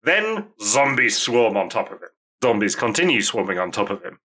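Lively bright-voiced male game master. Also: on the low side, moderate pace. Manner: lively, laughing, profane storytelling. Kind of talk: narrating a tabletop game.

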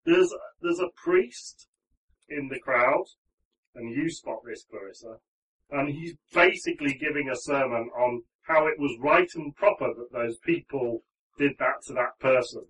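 A man's voice: medium pitch, unhurried, fairly bright tone, recorded from a distance, poor audio. A man narrating as the game master, rambling along with frequent ums and restarts.

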